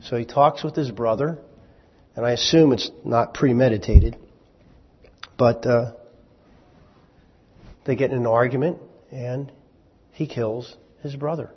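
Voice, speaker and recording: A man's voice: mid-range voice, a little slow, long pauses, breathy edge. A man preaching a sermon to a congregation in a conversational, wry way, full of rhetorical questions and asides. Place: church hall with congregation. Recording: echoey hall, dull lo-fi sound.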